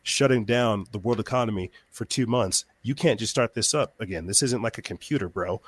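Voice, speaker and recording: A man speaking as a guest on a talk show, talking quickly, repeating words as he gets fired up. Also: fairly low pitch, slightly rough. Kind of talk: podcast interview.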